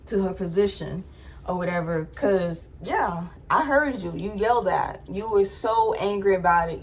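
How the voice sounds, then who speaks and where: A woman's voice: on the low side, slight background noise. A young adult woman vlogger telling a personal story in a casual, chatty way, full of "like" fillers.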